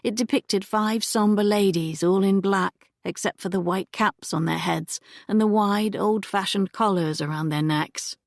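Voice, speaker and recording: A woman narrating an audiobook in a measured, even manner on a close microphone. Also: medium pitch, gravelly, dry recording.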